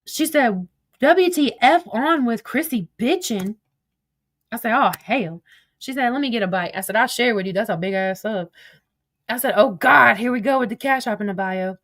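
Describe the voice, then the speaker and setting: A woman's voice: a little high, lively intonation, moderate pace, a bit bright. A woman talking casually as she reads her text messages aloud. She is chatty and profane, laughs often and wanders off topic. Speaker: commentator.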